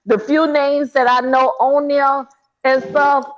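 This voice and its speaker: A woman's voice: high-pitched, slow pace, muffled recording. A woman in casual chat, telling stories with hollers and laughter over call audio. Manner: animated storyteller, hollers and laughs.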